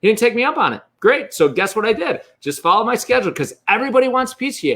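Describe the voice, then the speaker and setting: Guy w a kinda high voice, blunt coach type, swears a lot, no filter. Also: big pitch swings, fast, bright, forceful tone. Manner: blunt and profane, speaks freely. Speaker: real estate coach, guest. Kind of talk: candid interview talk.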